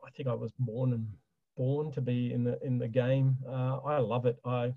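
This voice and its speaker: A man's voice: medium pitch, level tone, normal speed, no echo. Middle-aged aussie guy, chatty and keen, dry dull lo-fi sound. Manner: enthusiastic, chatty, frequent fillers and laughs. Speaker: guest, chocolate business owner. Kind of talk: casual interview talk.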